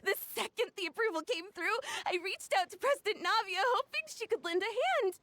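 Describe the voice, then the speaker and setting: A very high, bubbly young inventor woman in a video game, giggling and rushing with excitement. Her pitch jumps about lively, and the studio take is dry and close. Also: no echo, heavily acted. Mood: excited. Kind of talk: video game cutscene dialogue.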